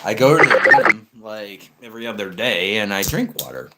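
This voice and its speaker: A man's voice: on the low side, animated, moderate pace, background noise. A young man, chatting bluntly and profanely as he answers his livestream comments. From United States. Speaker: live streamer. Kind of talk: casual livestream chat reading comments.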